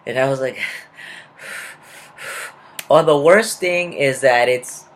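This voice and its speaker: A man's voice: medium pitch, moderate pace. A young man vlogging a personal travel story in a chatty, rambling way, with many fillers and self-corrections.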